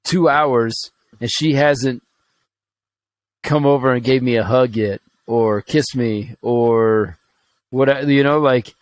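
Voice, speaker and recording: A man from Alabama co-hosting a podcast in loose, casual chat. He talks bluntly, swears freely and jokes about his own life. His voice sits at an ordinary middle pitch. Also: steady tone, slow pace. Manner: blunt, profane, joking. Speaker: podcast co-host.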